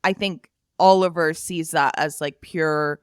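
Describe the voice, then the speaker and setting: A relaxed American woman chatting as a podcast guest, quick to laugh. Her voice is smooth and clear, with a dry, close sound. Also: low voice, no echo. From United States. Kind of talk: casual podcast chat.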